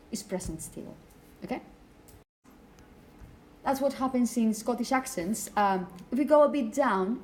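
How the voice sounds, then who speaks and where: A woman giving a classroom lecture, explaining slowly and often checking in with the students. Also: fairly high pitch, a little mellow.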